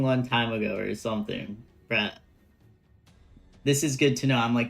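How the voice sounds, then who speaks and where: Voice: mid-range voice, moderate pace, creaky, long pauses, faint music behind. A game streamer chatting casually with their chat, laughing often while reading a story game aloud.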